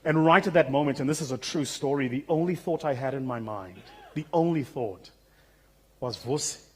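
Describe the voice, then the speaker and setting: A South African man giving a keynote speech on a conference stage, telling stories with humour in a relaxed, conversational way. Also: mid-range voice, moderate pace, breathy edge. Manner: humorous, conversational, vivid storytelling. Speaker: keynote speaker.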